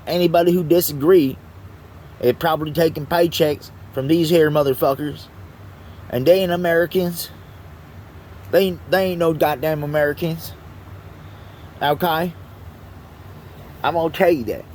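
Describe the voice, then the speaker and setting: A man reading aloud slowly and haltingly, then breaking off into heated, profane ranting. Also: on the high side, a little mellow, slight background noise. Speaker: vlogger. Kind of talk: angry profane rant.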